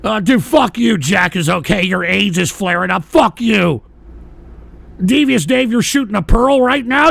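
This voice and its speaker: Furious gravelly high-voiced man ranting. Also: unhurried, no room sound. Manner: profane, yelling and cursing at his audience. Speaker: live-stream radio host. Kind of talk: angry live-stream rant at chat.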